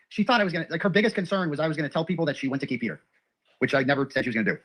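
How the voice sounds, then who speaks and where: Fast-ranting high-voiced man. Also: lively intonation, fairly bright tone. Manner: rapid, profane, reads messages aloud. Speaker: man recounting his ex's messages. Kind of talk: ranting monologue.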